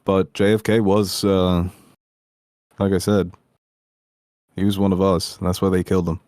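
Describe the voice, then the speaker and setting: Deep-voiced joking man, dry sound. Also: level tone, moderate pace, a little mellow, dry recording. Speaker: podcast co-host. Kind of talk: casual film review chat.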